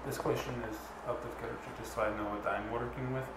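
A man's voice: mid-range voice, fairly even intonation, quick pace, creaky. A man playing a tabletop game, chatting playfully and talking in character. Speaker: player. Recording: very echoey, loud background noise.

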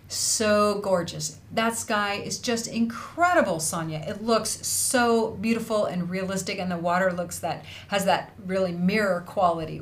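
A woman with a mid-range, fairly bright voice hosts a casual livestream for an online felting school. Bubbly and effusive, she reads out viewers' messages and laughs often.

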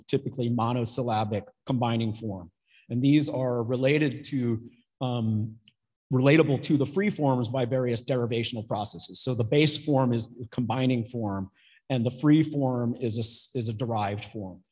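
A man presenting research at an academic conference, explaining his findings in a measured way with pauses between points. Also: medium pitch, darkish tone, poor audio.

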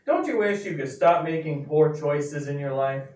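A man's voice: fairly high pitch, lively intonation, moderate pace, a little mellow. A teenage man narrating a parody infomercial with exaggerated delivery. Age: teens. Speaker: ad narrator in a school sketch. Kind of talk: parody ad voice-over. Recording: echoey room from far off, faint noise.

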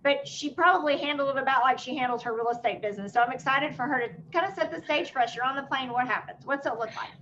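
Bright, high-pitched female host, eager interviewer, slightly muffled recording. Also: fast, few pauses, a little hiss or hum. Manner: enthusiastic, addresses viewers directly. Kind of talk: casual interview chat.

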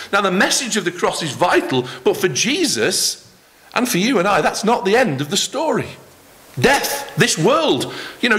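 A man preaching a sermon in church, acting out the quoted lines with lively emphasis. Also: high-pitched. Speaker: pastor.

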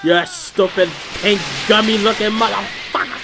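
A man commentating his own video game, hyped and loud, yelling and cursing at the characters on screen. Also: high voice, steady tone, normal speed, background noise. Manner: hyped, profane trash talk; yells at the screen. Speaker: gamer. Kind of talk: let's play commentary.

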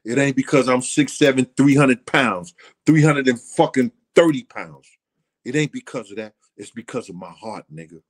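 A man's voice: medium pitch, moderate pace. A middle-aged man, speaking in a blunt, profane casual monologue and hammering his points home through repetition. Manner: blunt, profane, repeats himself with emphasis. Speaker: host.

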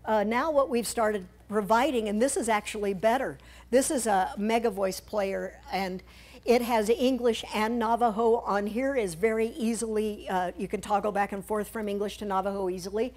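This church talk comes from a woman whose voice is medium-pitched and a little mellow. She guides the congregation in the sanctuary through mission-trip slides, keeping things conversational and humorous with playful asides.

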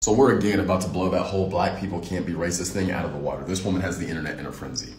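Deep-voiced man giving indignant commentary. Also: racing, roomy sound, over loud music. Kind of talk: reaction commentary.

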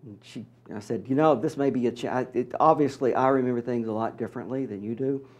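A middle-aged man from Mississippi, an author being interviewed, telling stories in an animated, wry way and acting out what others said. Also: medium pitch, fast talker, lo-fi sound. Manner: animated, wry storyteller who acts out quotes. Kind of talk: storytelling in an interview.

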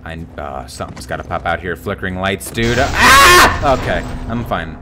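A man's voice: sits low, wildly swooping pitch, moderate pace, bright, forceful tone, a little hiss or hum. A young man giving live gameplay commentary as a streamer, jumpy and swearing, with sudden yelps and squeals. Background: game music.

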